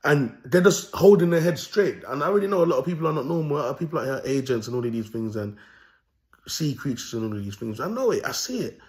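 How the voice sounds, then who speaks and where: A man's voice: mid-range voice, animated, fast talker, darkish tone. A young man with a London accent hosting his own video, ranting in comic commentary, swearing freely and laughing at his own jokes. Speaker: host.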